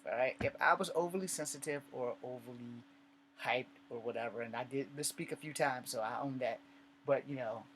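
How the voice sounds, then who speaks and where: A man from the United States talks straight into his vlog at an ordinary middle pitch. He tells his story bluntly, swears freely and acts out the conversations he recounts. A faint hum sits beneath his voice. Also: brisk, low-quality recording. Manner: blunt and profane, with frequent swearing; animated retelling with acted dialogue. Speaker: vlogger. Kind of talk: casual storytelling monologue.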